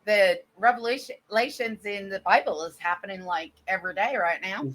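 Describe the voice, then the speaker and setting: Bright-voiced chatty woman with a Texan twang. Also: mid-range voice, a little fast. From Northeast United States. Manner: chatty, jumps between thoughts. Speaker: podcast guest, streamer. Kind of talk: casual chat.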